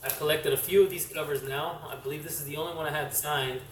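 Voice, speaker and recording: Casual male vlogger, slightly high voice, halting and rambly, recorded off-mic in an echoey room. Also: steady tone. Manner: rambling, halting, lots of fillers and self-corrections. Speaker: comic collector vlogger. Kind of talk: casual show-and-tell vlog. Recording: roomy echo, distant mic, faint hiss.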